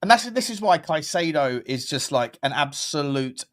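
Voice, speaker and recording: A man, co-hosting a casual football podcast, talking fast and animatedly with lots of fillers. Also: fairly high pitch. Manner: quick, animated, loose filler-heavy talk. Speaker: co-host.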